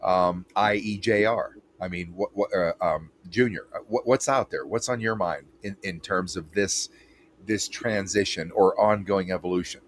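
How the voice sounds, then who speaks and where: A man's voice: low voice, moderate pace, slight background noise. A man hosting an interview, talking bluntly and emphatically with frequent restarts. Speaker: interview host. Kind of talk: casual interview chat.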